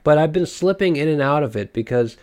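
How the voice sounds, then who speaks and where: A man's voice: a little high, expressive, a little fast, a little mellow. A young man with a stuffy, nasal voice from a cold, rambling through a solo podcast monologue with many fillers and restarts. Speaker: podcast host.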